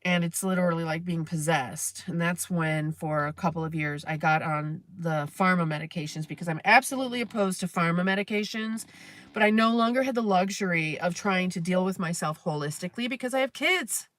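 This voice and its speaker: A woman's voice: on the low side, a little fast, a bit bright. A woman hosting a live stream, venting in a candid, rambling, profane way. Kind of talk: casual venting monologue.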